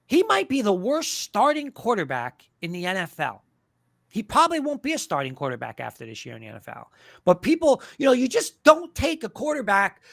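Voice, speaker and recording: A male sports show host on a tear, his voice gravelly and swinging widely in pitch as he hammers his points home. He sounds close and dry, with no room around him. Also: sing-song, moderate pace, fairly bright tone, no echo. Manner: ranting, emphatic, mocking fans' views. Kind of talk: fired-up sports talk.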